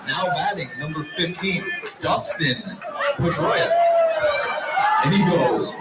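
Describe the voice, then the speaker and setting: A man, a former ballplayer, telling an amused, animated anecdote to an audience. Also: a little high, slow pace, pauses often. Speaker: retired ballplayer telling a story. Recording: roomy hall, loud crowd and noise.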